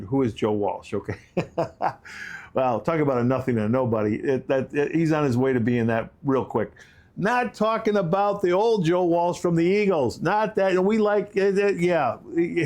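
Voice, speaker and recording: A man's voice: mid-range voice, darkish tone. A man co-hosting a podcast, talking through current events in a rambling, chatty way with frequent restarts and tangents. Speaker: podcast co-host. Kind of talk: casual podcast commentary.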